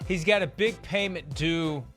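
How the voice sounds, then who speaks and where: A man's voice: a little high, a little slow, a bit bright, faint music behind. A man hosting a sports talk show, explaining contract details in a casual, methodical way. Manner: detailed, explanatory, runs through contract numbers. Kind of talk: casual sports analysis chat.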